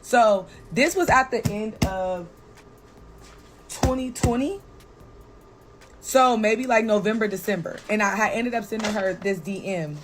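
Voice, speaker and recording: Young woman guest, mid-pitched, animated and profane storytelling, blunt with lots of "like", faint background noise. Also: unhurried, pauses often. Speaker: podcast guest telling a personal story. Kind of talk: casual storytelling.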